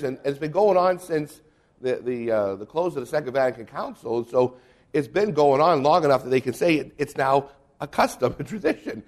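A man's voice: expressive, brisk, a little mellow. A man, a Catholic priest, teaching about confirmation in a humorous, conversational way and reading aloud from the catechism. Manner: humorous, mimics bishops and kids, drops voice low for asides.

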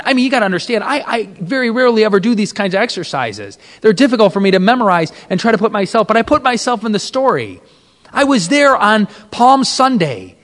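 Man, priest, impassioned sermon, high and very lively voice, echoing hall. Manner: impassioned, with dramatic swings of pitch and volume. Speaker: Catholic priest. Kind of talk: sermon at a men's retreat.

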